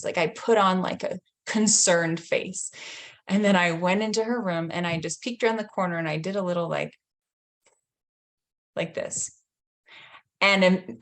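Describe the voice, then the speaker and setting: A woman in her thirties, a healing coach, talking gently and reflectively and sharing a story from her own family life. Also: mid-range voice. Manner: gentle, reflective, laughs lightly between thoughts. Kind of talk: casual teaching talk with personal story.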